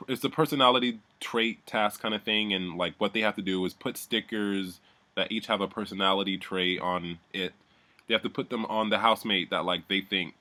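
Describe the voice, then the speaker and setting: Guy w a lowish bright voice doing a snarky sweary recap. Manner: sardonic, profane, rambling. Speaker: reality TV recap vlogger. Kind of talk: casual recap.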